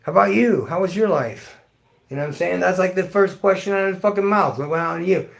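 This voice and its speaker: Streamer host, middle-aged male; raised, raspy-edged voice; blunt, foul-mouthed rant. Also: high-pitched, a little fast. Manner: blunt, heavily profane, ranting. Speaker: livestream host. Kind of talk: profane rant to live chat.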